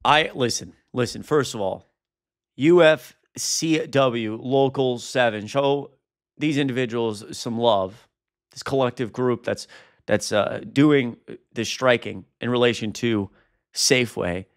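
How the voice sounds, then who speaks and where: A young man reacting to a protest video as a political commentator, indignant and exasperated. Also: mid-range voice. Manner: indignant, exasperated, quick asides.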